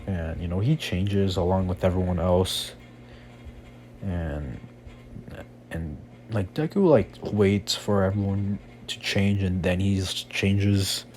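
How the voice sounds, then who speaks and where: A man's voice: low-pitched, fairly even intonation, takes it slowly, darkish tone, a little hiss or hum. A young man improvising a fan-fiction story in a rambling, casual way, full of fillers.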